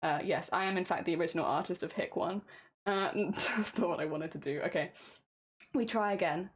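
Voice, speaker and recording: A woman's voice: fairly low pitch, a little fast. A woman streaming as she records and edits a song cover, chatting casually, laughing at herself and talking through each step. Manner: giggly and self-deprecating, narrating each editing step. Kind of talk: casual livestream chat while editing audio.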